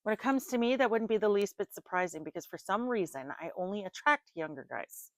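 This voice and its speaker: A middle-aged woman giving a casual tarot reading, rambling into animated personal stories and laughing often. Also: mid-range voice, a little fast, no echo. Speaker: tarot reader.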